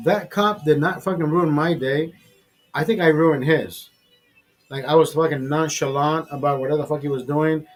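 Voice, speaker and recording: A man hosting his own vlog, telling a story in a heated, profane, animated way. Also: a little high, moderate pace, soft background music. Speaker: show host.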